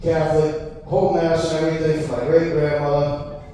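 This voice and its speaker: A man from Massachusetts in his thirties tells crude, rambling stand-up stories and chuckles at his own punchlines. His voice sits slightly high for a man. The sound rings around a big reverberant room, caught by a distant mic with faint hiss. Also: flat delivery, moderate pace, mellow. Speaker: stand-up comedian. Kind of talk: stand-up comedy set. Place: comedy venue with audience. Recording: echoey hall, far mic, faint noise.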